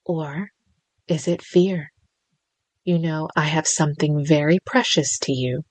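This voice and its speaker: A woman's voice: sits low, fairly even intonation, measured pace, no echo. A woman voicing a smug male crime boss villain with a lilting, sing-song voice, teasing and crooning with mock sympathy.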